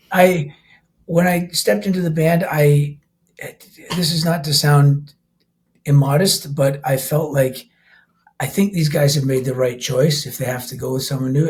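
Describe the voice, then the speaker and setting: Here the Canadian rock vocalist and keyboardist, an older man, sounds higher-pitched and unhurried, with a darkish tone and fairly even intonation. As a podcast guest in casual interview talk, he wanders, keeps restarting and laughs readily.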